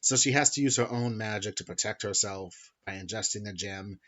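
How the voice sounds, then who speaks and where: A man's voice: on the low side, brisk, fairly bright tone. A man hosting a podcast, casually recapping a story in a rambling, self-correcting way with some swearing. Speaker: podcast host. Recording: dull lo-fi sound.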